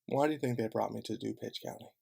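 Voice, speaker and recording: A man's voice: fairly low pitch, fast, creaky, warm tone, husky. A man from Chicago delivering a heated, sarcastic, profane rant straight to camera. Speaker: vlogger.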